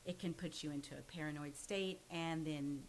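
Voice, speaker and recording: Brief: forthright woman in her forties, low-ish voice, candid and a bit pushy, guest on a chat podcast. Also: steady tone, normal speed, a little hiss or hum, low-quality recording. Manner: earnest and forthright, self-described pushy. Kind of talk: candid storytelling in casual conversation.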